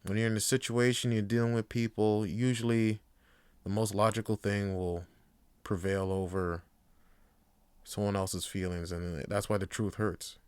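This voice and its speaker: A man hosts a podcast and rambles through a loose, profane rant. His voice is smooth and clear, at a middling pitch. The sound is close and dry, with no room echo. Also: level tone, moderate pace, darkish tone. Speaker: podcast host. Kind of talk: casual podcast monologue.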